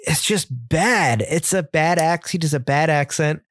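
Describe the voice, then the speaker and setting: With a fairly high, slightly bright voice in clean studio sound with no room tone, a male film podcast co-host talks casually and bluntly about what he disliked. He comes across as opinionated and critical, often restarting his sentences haltingly.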